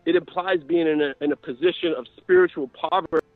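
A man's voice: a little high, steady tone, a little fast, dry recording, soft background music. A man preaching a sermon with passion, building to fervent cries. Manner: impassioned, rises to crying out. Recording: tinny radio broadcast.

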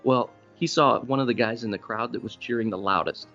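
In a somewhat dull recording with faint background music, a male pastor preaches in an easygoing, storytelling way. His mid-range voice moves a little fast and climbs in pitch when he drives a point home.

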